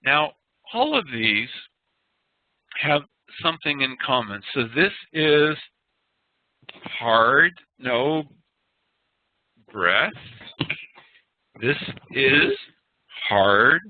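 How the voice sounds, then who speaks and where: A man teaching an online class, speaking slowly and patiently and demonstrating sounds aloud. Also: a little high, very animated, no room sound. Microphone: computer mic on a video call. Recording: dry, tinny web-call audio.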